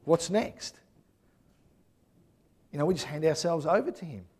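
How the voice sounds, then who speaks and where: A man preaches in a relaxed, conversational style. His voice sits a bit higher than most men's. He keeps checking in with his listeners by asking "yeah?". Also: a little slow, husky. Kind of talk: sermon.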